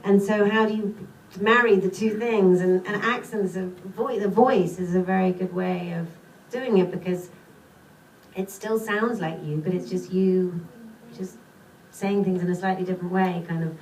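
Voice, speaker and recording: A woman's voice: mid-range voice, fairly even intonation, normal speed, darkish tone. A woman with a British accent, an actress answering questions at a screening Q&A in a chatty, self-deprecating way. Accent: British English. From Britain. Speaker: actress and panel guest. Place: cinema theater, audience present. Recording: echoey theater, far from mic, faint hiss.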